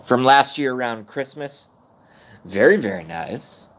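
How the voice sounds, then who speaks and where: A male live streamer in his thirties goes on a casual rant at a measured pace, his medium-pitched voice animated and a bit bright. He rambles, mocks himself and swears a lot.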